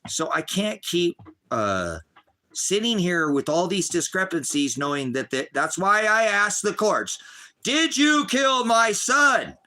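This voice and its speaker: Middle-aged man, bright edgy voice, rambling profane livestream rant. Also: fairly high pitch.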